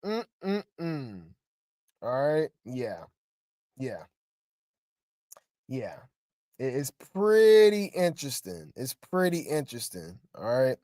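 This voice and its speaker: A woman's voice: very deep voice, very animated, slow, pauses often, dark tone, dry recording, studio quality. A woman hosting gossip commentary in a casual, sassy way, often repeating her phrases.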